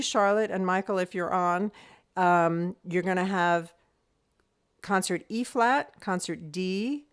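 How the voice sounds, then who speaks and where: A patient woman teaching over a video call. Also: fairly low pitch. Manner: patient step-by-step instruction, counting beats aloud; sings rhythm syllables to demonstrate. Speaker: music teacher. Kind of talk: online group music lesson.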